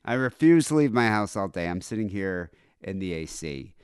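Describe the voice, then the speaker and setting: A man's voice: sits low, very animated, normal speed, smooth, dry recording, studio quality. A man co-hosting a comedy podcast from home, chatting casually in a rambling, irreverent way with lots of fillers. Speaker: podcast co-host.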